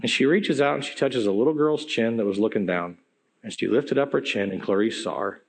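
A man preaching a sermon, telling stories in an animated, conversational way that swings between loud and hushed. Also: mid-range voice, a little fast. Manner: conversational, with asides to the audience.

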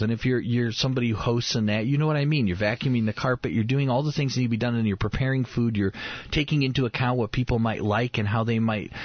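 A radio host in his thirties gives an earnest devotional talk, his medium-pitched voice captured in a dry, dull lo-fi radio recording. He often repeats words as he builds toward a point.

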